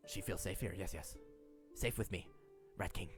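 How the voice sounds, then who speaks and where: A ratling monarch speaks in halting, broken phrases, repeating himself as he goes, put on by a man. His voice sits low and soft, quieter than a normal speaking voice. It suits a tabletop role-play scene. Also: soft background music, lightly acted. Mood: eager. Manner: broken simple speech, repeats words. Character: male rat-like ratling king, broken speech, eager.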